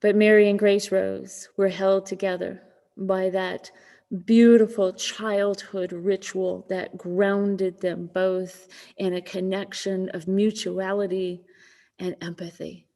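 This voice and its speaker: A woman minister preaching a sermon, telling a story gently and softening to a hush in tender quoted moments. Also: medium pitch, level tone, slow pace, in a large hall. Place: church sanctuary.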